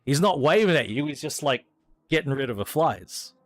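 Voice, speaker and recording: A man's voice: mid-range voice, animated, normal speed, no room sound. An Australian man chatting casually as he streams a racing game, rambling with hesitations and restarts. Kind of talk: casual gameplay commentary.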